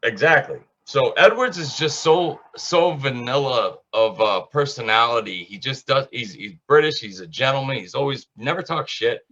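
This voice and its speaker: A man's voice: medium pitch, animated, normal speed, hardly any pauses, sharp tone. A man co-hosting a casual sports betting show, giving confident, opinionated fight picks. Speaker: co-host picking fights. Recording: dull lo-fi sound.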